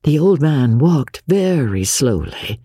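A woman reading a classic novel aloud as an audiobook narrator, with expressive storytelling delivery on a close studio mic. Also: rumbling low, takes it slowly, husky, dry recording.

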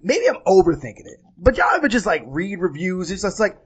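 A man talking as a film critic in a casual panel discussion, animated, with frequent restarts and exasperated quoting of others. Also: sits high, brisk, slightly rough.

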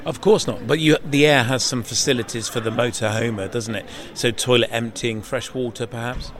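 A man's voice: medium pitch, steady tone, fairly quick, a bit bright. A man interviewing guests outdoors, friendly and chatty, often ending his questions with tag questions.

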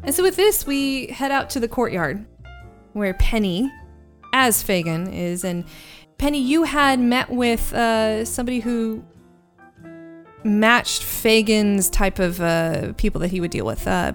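A woman narrating as game master of a tabletop game, chatty and quick to laugh, with lots of fillers. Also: on the high side, lively intonation, soft background music.

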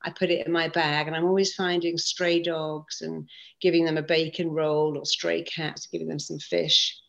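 A woman guest in conversational storytelling, lively and acting out the voices of people she quotes. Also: sits low, normal speed, creaky. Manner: lively, acts out quoted speech. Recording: dull lo-fi sound.

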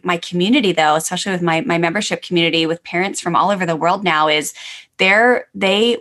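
A woman's voice: on the low side, a bit bright. Enthusiastic woman podcast host. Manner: enthusiastic, filler-heavy, many restarts. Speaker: podcast host and parenting coach. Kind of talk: casual podcast conversation.

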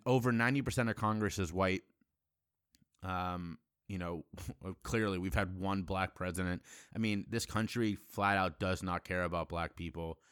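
A man's voice: sits low, a bit bright, clean tone, no room sound, studio quality. A man delivering a heated, blunt solo monologue as a podcast host, swearing freely and breaking off to restart his sentences. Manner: impassioned, blunt, profane, halting restarts.

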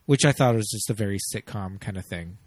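A man's voice: fairly low pitch, a little fast, no echo. A man co-hosting a podcast in casual chat, hedging with fillers and laughing easily. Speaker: podcast co-host.

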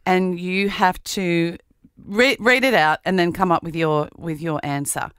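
A woman's voice: fairly low pitch, measured pace, clear, resonant tone, no echo, studio quality. A middle-aged woman co-hosting a radio show, chatting and telling reflective stories, laughing often. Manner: warm, reflective storyteller who laughs often. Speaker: radio co-host. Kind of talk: casual chat.

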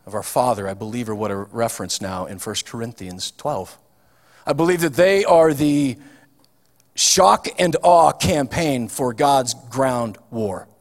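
A man preaching a sermon in a chatty, folksy way, with frequent fillers and restarts. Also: medium pitch. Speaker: pastor. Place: church hall. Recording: long hall reverb.

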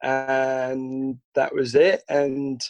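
A man's voice: medium pitch, monotone, very slow, a little mellow, highs cut off. A British man from the UK, a guest telling long, rambling anecdotes in a casual chat, often acting out the lines people said to him. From United Kingdom. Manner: rambling, anecdotal, acts out quoted dialogue.

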